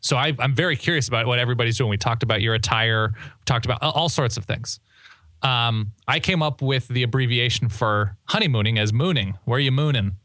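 Man, young adult, podcast co-host, casual joking chat, mid pitch, dry close mic. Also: brisk, a bit bright, no room sound. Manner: joking, rambling, self-correcting.

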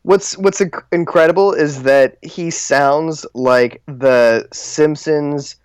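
A man's voice: a little high, takes it slowly, clear, resonant tone, no echo. A man in casual podcast chat, hesitant with many filler words. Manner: hesitant, lots of "like" and "uh".

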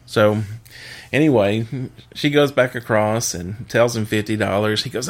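A man's voice: medium pitch, measured pace, creaky. A man in casual chat, telling a long dirty joke and laughing at his own punchlines. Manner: laughs at his own jokes, animated storytelling.

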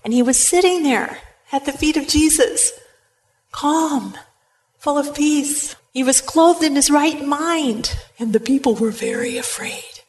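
A woman preacher giving a sermon, retelling a story in a lively way and speaking straight to her listeners. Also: high voice, measured pace, a little hiss or hum. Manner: lively retelling, addresses the congregation directly.

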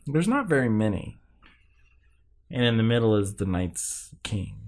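A man's voice: fairly low pitch, sing-song, measured pace, a little mellow. A man in casual chat, animatedly recapping a TV episode and acting out the characters' lines. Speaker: podcast co-host recapping a TV episode.

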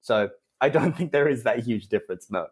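A young Australian man from Western Australia, a copywriter chatting as a podcast guest, animated and jumping up in pitch when he quotes people. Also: a little fast. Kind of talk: casual interview chat.

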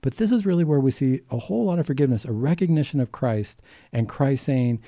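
A male doctor co-hosting a faith talk program explains his points earnestly and acts out the voices he quotes. His voice is very dark and mellow. The sound is dry and close. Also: medium pitch, lively intonation, fast, no echo. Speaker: doctor and co-host. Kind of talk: faith talk show discussion.

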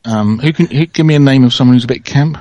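A man on a chat panel telling a joke, halting with false starts. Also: mid-range voice, warm tone, no room sound. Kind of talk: casual chat.

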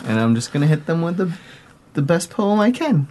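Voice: medium pitch, very animated, a little fast, darkish tone, a little hiss or hum. A tabletop game player describing actions, dry and laughing at their own jokes. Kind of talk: casual tabletop game play.

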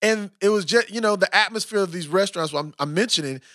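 An American man hosting a podcast in a casual, animated way, with lots of fillers. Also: high voice, quick pace, no echo, studio quality. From United States. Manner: animated and talkative, with frequent fillers. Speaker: podcast host interviewing a guest. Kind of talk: casual chat.

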